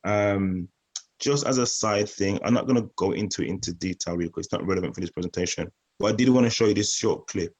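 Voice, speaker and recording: A man's voice: deep voice, fast, darkish tone, breathy edge, rough recording. A man giving a community presentation about a youth project. He speaks earnestly and often repeats words while he searches for his phrasing.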